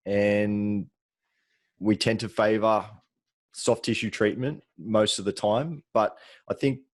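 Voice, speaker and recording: A man's voice: low voice, dry recording. A man with an Australian accent co-hosting a casual podcast, talking in an easygoing, rambling way with plenty of ums. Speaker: podcast co-host, soft tissue therapist. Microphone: remote call, separate mics.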